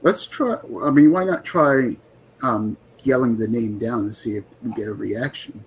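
A man playing a tabletop game, asking calm, coaxing questions in character. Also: medium pitch, moderate pace, slight background noise. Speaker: player.

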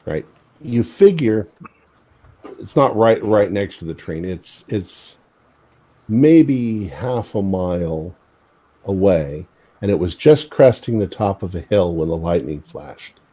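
Low, husky-voiced game master. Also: male voice, expressive, warm tone. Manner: halting, repeats words while describing scenes. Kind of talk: narrating a tabletop horror game.

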